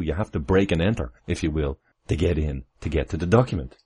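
A man hosts a casual livestream from home. His voice sits extremely low, with a husky, breathy edge. He rambles through asides and chuckles often as he talks. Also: fast, few pauses, darkish tone. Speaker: livestream host. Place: home, near the kitchen.

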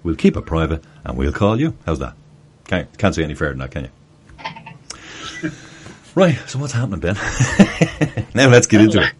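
Irish man, very low voice, jokey host, video call chat. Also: big pitch swings, moderate pace, long pauses, slight background noise. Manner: jokey, chatty, laughs often. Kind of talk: casual call-in show chat.

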